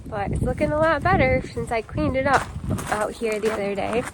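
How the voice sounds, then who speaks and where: A chatty woman with a somewhat high voice talks casually to her viewers while working in her garden. The recording is outdoors, with clear background noise and passing traffic behind her. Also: a little fast. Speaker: gardening vlogger. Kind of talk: casual chat to camera.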